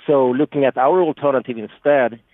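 A man's voice: mid-range voice, brisk, no room sound, phone-quality sound. Swedish guy explaining stuff on a phone-ish line, dry sound, keeps restarting his sentences. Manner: frequent restarts and fillers, earnest. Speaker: product marketing manager, guest. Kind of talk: explanatory interview answers.

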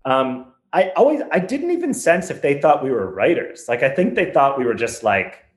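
A man's voice: mid-range voice, sing-song, moderate pace. Rambling, wry man in a roomy space. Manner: rambling, self-correcting, wry storytelling. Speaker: guest comedian. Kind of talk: casual podcast chat. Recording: roomy echo.

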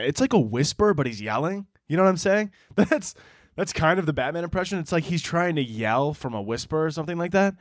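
A man's voice: fairly high pitch, expressive, a little fast, dry recording. A man hosting a solo podcast, talking casually in a rambling, profane, joking way into a close mic. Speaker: podcast host.

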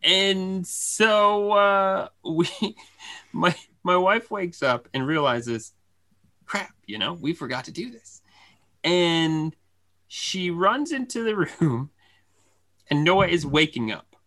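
Male co-host, bright and tense in tone, lively anecdote delivery with laughter and quick voice impressions. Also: sits high. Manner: animated storyteller who laughs and acts out family voices. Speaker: podcast co-host. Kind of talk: casual chat.

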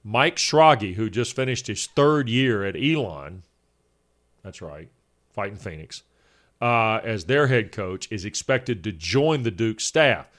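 A man in his fifties co-hosting a sports talk show. His voice sits a little low, and he works through his points one by one in a measured way. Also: expressive, fairly bright tone. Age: 50s. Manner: measured, lays out points in order. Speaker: sports radio co-host.

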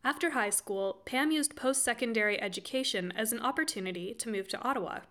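A woman narrating a podcast in a clear, even scripted delivery. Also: on the high side, a little fast. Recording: narration over loud music.

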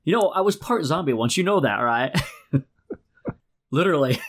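A man's voice: on the high side, expressive, moderate pace, a bit bright. A man co-hosting a podcast in casual chat, telling stories and laughing often. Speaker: podcast co-host.

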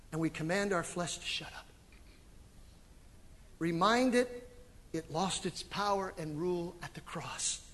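A middle-aged man preaching a sermon as pastor, animated and emphatic, with sudden loud swells. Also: sits high, big-room sound. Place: church sanctuary.

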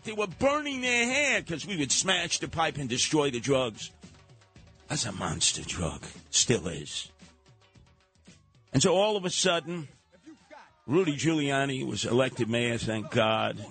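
Older New York radio host, animated storyteller. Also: male voice, medium pitch. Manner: animated storytelling, slipping into voices. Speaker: radio talk show host. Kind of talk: radio talk show monologue.

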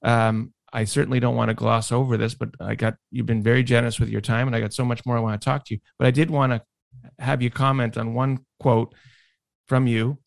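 A man's voice: mid-range voice, flat delivery, brisk, vocal fry, dry recording. A man hosting a podcast, asking questions from prepared notes. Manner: reads prepared notes and quotes. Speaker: podcast host. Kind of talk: interview questions.

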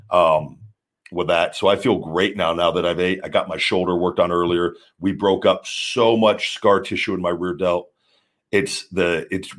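A man's voice: sits low, a bit bright. A man hosting a live stream, talking casually in a rambling, blunt way and swearing freely. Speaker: show host.

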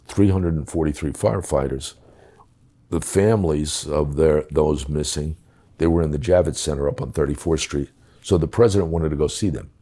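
A man's voice: extremely low pitch, moderate pace, dark tone, breathy edge. A middle-aged man telling a story in conversation, blunt, emphatic and full of swearing. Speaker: guest recounting his time as a police official.

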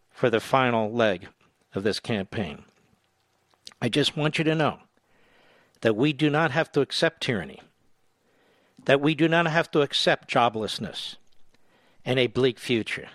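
A man's voice: mid-range voice, fairly bright tone, no echo, clean studio sound. A man hosting a political talk radio show, speaking in a combative, emphatic monologue.

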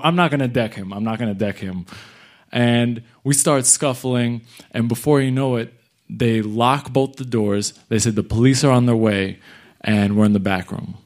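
A young man from New York City telling a comic story live, animated and jumping into voices of the people in it. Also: medium pitch. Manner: animated, acts out other people's lines.

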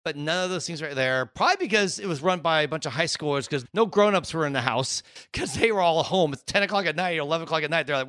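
High, bright-voiced male podcast host. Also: animated, fast, no echo, studio quality. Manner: emphatic, repeats key points. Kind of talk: casual chat.

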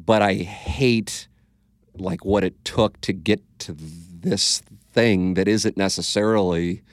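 A man's voice: deep voice, takes it slowly, dry recording, studio quality. A man with a St. hosting a podcast, telling stories in a blunt, profane, casual way and acting out quotes. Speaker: podcast host. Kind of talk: casual storytelling chat.

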